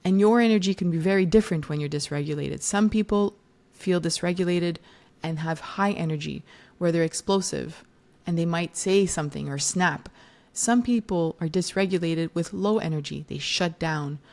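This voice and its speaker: On her solo parenting podcast, a woman in her thirties who works as a parenting educator chats conversationally, fixes her own wording, and brings quoted moms to life with animation. She speaks on the low side at a moderate pace, with a darkish tone.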